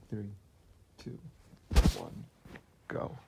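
A man chatting casually about what he is drawing, rambling and joking as he goes. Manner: rambling, jokey. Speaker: video creator. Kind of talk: casual narration while drawing. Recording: muffled lo-fi recording with hiss.

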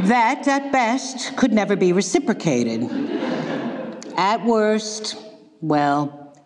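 A woman giving a public lecture, telling a tale with dry, ironic, deadpan asides. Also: lowish voice, long reverb tail. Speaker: guest lecturer. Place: lecture hall.

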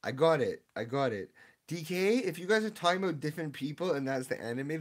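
A man's voice: fairly high pitch, big pitch swings, quick pace. A young man live-streaming, reading his chat and opening card packs, confused and laughing, often repeating himself.

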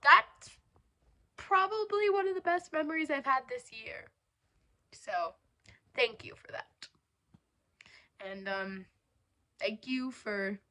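A teenage girl records a thoughtful farewell message at an unhurried pace. Her voice is bright and fairly high, and now and then she slips into a whisper. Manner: slow and thoughtful, at times whispering. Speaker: theater student.

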